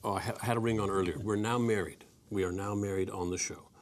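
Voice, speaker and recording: A man's voice: lowish voice, fairly even intonation, quick pace. A man in his forties, a guest actor in an interview, easygoing with many restarts. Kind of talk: interview talk.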